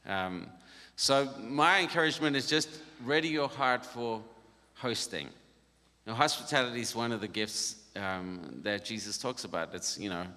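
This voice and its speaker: A man's voice: medium pitch, animated, normal speed, sharp tone. A middle-aged man leading a worship band workshop, talking casually and jokily with frequent laughter. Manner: easygoing and jokey, with frequent laughs. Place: conference hall. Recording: reverberant hall.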